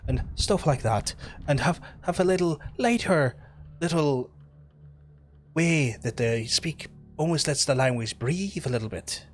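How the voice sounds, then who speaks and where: A man's voice: on the high side, lively intonation, unhurried, a little hiss or hum. A man from the north of Ireland with a northern Irish accent, chatting casually and a bit sweary with viewers while he plays, his voice slightly nasal. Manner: chatty, rambling, sweary, thanks viewers by name. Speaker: streamer. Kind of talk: casual livestream chat while gaming.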